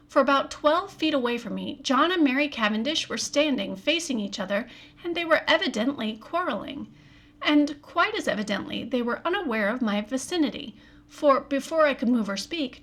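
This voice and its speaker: A woman reading a classic mystery novel aloud as narrator in a calm, measured storytelling manner. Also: high-pitched. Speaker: audiobook reader.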